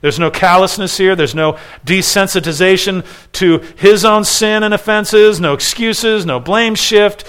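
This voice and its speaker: A man preaching an expository sermon. He is earnest and emphatic, moves from loud stresses to hushed pleading, and stacks short repeated phrases. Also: high voice, a little slow, few pauses, clean tone.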